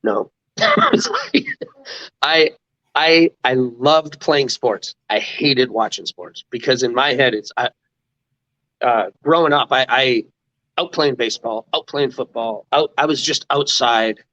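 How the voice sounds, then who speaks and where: A middle-aged American man tells stories in a loose, rambling way, tripping over restarts and breaking into laughs. His voice sits at an ordinary pitch. The audio is dry and a little dull. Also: measured pace, fairly bright tone, no echo. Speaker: interview guest, former mascot. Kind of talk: casual storytelling.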